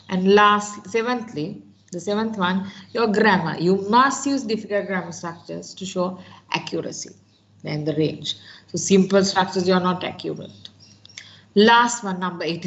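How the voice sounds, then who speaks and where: A woman's voice: on the low side, normal speed, dull audio. A woman teacher with a Sri Lankan English accent giving an online class lecture. She keeps checking in with her students by asking "right?". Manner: instructive, checks in with frequent "right?".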